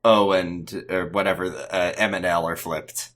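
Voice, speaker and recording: A man's voice: low voice, fairly even intonation, unhurried, fairly bright tone. A man co-hosting a podcast, wryly chatting about a TV episode and joking along the way. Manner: wry, jokey, playfully acts out quotes. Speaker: podcast co-host. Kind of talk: casual chat recapping an episode.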